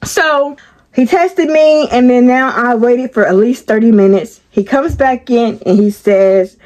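Animated woman telling a story to her viewers. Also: a little high, slow pace. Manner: animated, dramatic storytelling, talks to viewers directly. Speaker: vlogger, postal worker. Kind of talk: story-time vlog.

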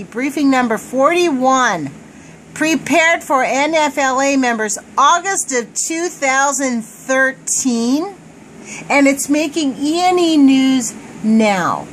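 A woman with a high voice reads a report aloud in an indignant rant. She swears freely and trips over the technical words. A faint hiss sits under the recording. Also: fairly bright tone, low-quality recording. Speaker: vlogger reading a report aloud. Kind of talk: agitated screen-reading rant.

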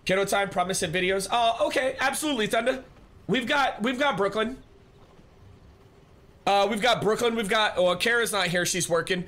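A man's voice: sits high, moderate pace, sharp tone. A man live-streaming, chatting casually and rambling as he answers viewers and thanks them. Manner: rambling, restarts often, reads chat aloud.

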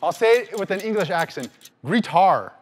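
A young man hosting a trivia challenge, playful and teasing, with an energetic delivery. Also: high voice, normal speed. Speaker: quizmaster of a challenge game.

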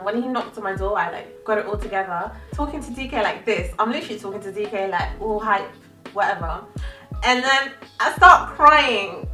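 Young woman, bright and candid. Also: mid-range voice. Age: early 20s. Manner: candid, emotional, conversational. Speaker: vlogger. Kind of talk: confessional storytelling vlog. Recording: roomy, slightly distant, faint music.

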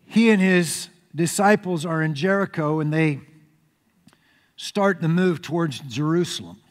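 A man preaching a sermon as pastor, telling the story in an animated way. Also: a little high, a little slow. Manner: animated storytelling preacher, acts out crowd shouts. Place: church sanctuary. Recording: reverberant church hall.

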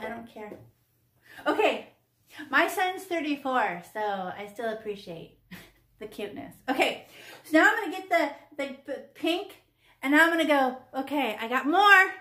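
A woman's voice: high-pitched, fairly bright tone, roomy sound. A woman in her fifties teaching children to paint, playful and chatty, teasing the class and talking to herself as she works. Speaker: art teacher.

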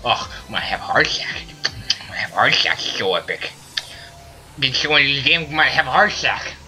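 A man playing a video game and commenting, ranting loudly at his teammates in a put-on silly voice. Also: medium pitch, very animated, quick pace. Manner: loud, frustrated ranting at teammates. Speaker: let's play gamer. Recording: faint game music behind. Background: game music.

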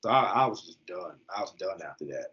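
A man in his thirties from the US East Coast, a football player telling his story as a guest on an interview show. He talks in an animated, slangy way. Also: low-pitched, brisk. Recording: slightly muffled lo-fi recording.

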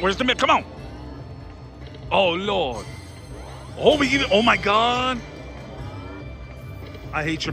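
Excitable man over loud casino music. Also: a little high. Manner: animated, talks to viewers, sudden excited outbursts. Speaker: casino vlogger. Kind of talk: excitable slot-machine commentary. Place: casino floor. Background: loud casino machine music.

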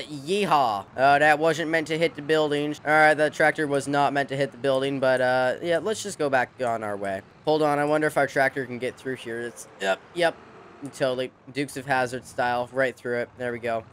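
A man's voice: mid-range voice, fairly bright tone, slight background noise. A young man hosting a farming game, giving casual joking commentary in a rambling, playful way. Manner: jokey, rambling, playful cowboy banter. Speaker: gaming channel host.

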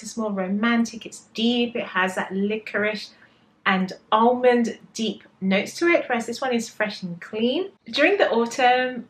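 A woman's voice: on the high side, a bit bright. An English woman reviewing perfumes in a vlog, talking with enthusiastic, gushing detail about how they smell. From England. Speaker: perfume vlogger.

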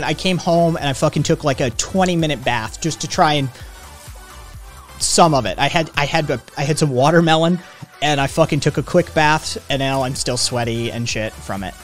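A man streaming live from home, chatting with viewers in a profane, ranting way. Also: fairly high pitch. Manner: profane, ranting, talks to chat. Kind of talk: casual live-stream chat.

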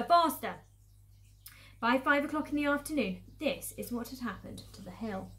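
A woman, a primary school teacher, reading a storybook aloud and explaining it patiently to young children. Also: a little high.

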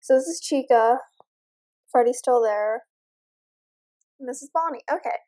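A woman's voice: high voice, a little slow, mellow. A young woman nervously commenting as she plays a horror game, chatting to her viewers. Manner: nervous, jumpy, talks to viewers. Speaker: gamer.

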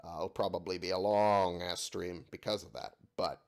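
Sick, cursing low-voiced gaming host. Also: male voice, steady tone, moderate pace, creaky. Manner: swears freely, exasperated at the game. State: sick, voice giving out. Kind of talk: let's-play commentary.

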